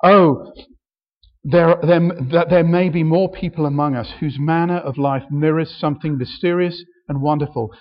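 A man with a fairly high voice preaches in a church, earnest and building in emphasis as he goes. The recording is dull and muffled. A long reverb hangs after his words. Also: steady tone, moderate pace. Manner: earnest, with frequent restarts and rising emphasis. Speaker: pastor. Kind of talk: sermon. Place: church hall.

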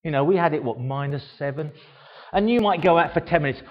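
A man's voice: a little high, fast. An older man giving an informal show-and-tell talk, chatty and self-mocking, asking the audience rhetorical questions. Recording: echoey hall, dull sound.

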